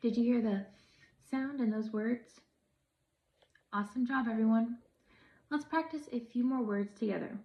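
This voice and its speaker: A young woman, a pre-service teacher, leading a phonics lesson for young children, speaking slowly and encouragingly. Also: a little high. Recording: echoey room, dull lo-fi sound.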